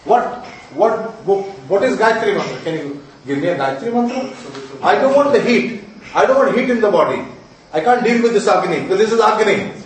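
This male astrology teacher speaks with a high, animated, brisk voice, emphatically driving home key ideas, repeating them, and testing his students' understanding. The recording carries a slight hiss or hum, heavy room echo, and a distant microphone.

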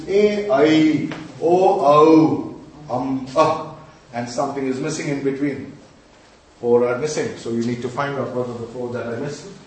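A man's voice: medium pitch, a little mellow. A middle-aged man teaching a class, quizzing the students, answering his own questions and scolding them playfully. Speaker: Sanskrit and mantra teacher. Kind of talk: classroom lecture. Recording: echoey room from far off.

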